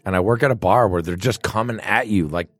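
Brief: low-voiced male podcast co-host, blunt and profane, dry studio sound. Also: a little fast, no room sound. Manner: blunt and profane, chewing snacks close to the mic. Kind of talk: casual chat. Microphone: studio microphone.

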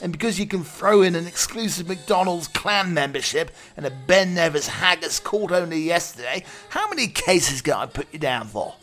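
A man's voice: on the high side, expressive, normal speed, hardly any pauses, fairly bright tone, faint music behind, pitched above the performer's own voice. A man putting on the voice of a pompous, smarmy upper-class whisky salesman with an overdone plummy drawl. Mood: smarmy pitch.

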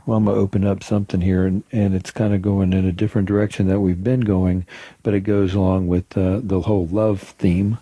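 A man with a dark, mellow voice talks on a faith podcast. His delivery is loose and hesitant, full of ums and uhs. The sound is dry and close. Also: low voice, level tone, a little fast, slightly rough, no echo. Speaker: podcast co-host. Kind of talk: casual faith podcast talk.

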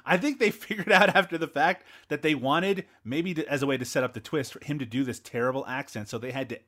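A man's voice: a little high, quick pace, bright, forceful tone. A Canadian man hosting a casual movie review podcast, teasing his co-hosts and laughing often. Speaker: podcast host.

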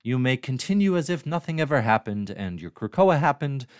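Guy doing a high moira voice, stately lady handing out grand blessings, swoops up and down. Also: big pitch swings, brisk, dry recording, studio quality, close to an everyday voice. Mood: grandly benevolent. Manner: lofty, ceremonial pronouncements.

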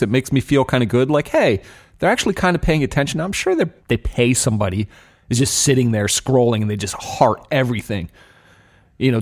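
A young man talks through a beer tasting on his podcast in a loose, rambling way. He is candid and drops the odd swear word, and his voice sits at an ordinary middle pitch. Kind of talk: casual tasting chat.

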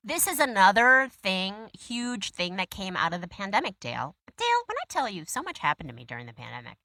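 A woman being interviewed, telling stories in an animated, gushing way with lots of "like". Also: medium pitch, a little fast, dry recording. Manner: animated, gushing storyteller, heavy use of "like". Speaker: interview guest. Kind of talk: casual conversation.

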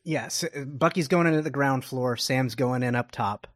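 A man's voice: mid-range voice, moderate pace, dry recording. Rambling male co-host, dry sound. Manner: rambling, self-interrupting, animated asides. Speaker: podcast co-host. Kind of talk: casual chat about a TV episode.

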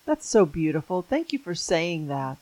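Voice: medium pitch, big pitch swings, normal speed, darkish tone, dry recording, low-quality recording. An interview host chatting casually, laughing and telling a family story. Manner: chatty, laughing, mimics others.

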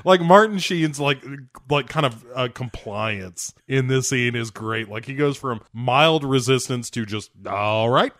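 A man's voice: mid-range voice, unhurried, a bit bright, no room sound. A man with a mid-range voice riffs through a movie recap, joking and slipping into silly impressions. He sounds close to the mic in a dry, dead room. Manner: jokey, acts out movie characters in silly voices. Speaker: podcast co-host. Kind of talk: casual comedic movie recap.

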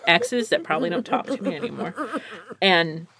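A woman hosting a casual podcast chat. She has a slight lisp and talks in an animated way, acting out other people's voices. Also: lowish voice, moderate pace, gravelly, crowd noise. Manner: animated, mimics voices, lots of fillers.

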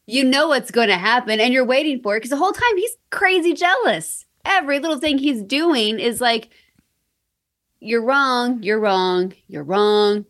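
A woman talking casually on a podcast about a film, animated and laughing as she acts out scenes. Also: high voice, brisk, few pauses. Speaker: podcast guest.

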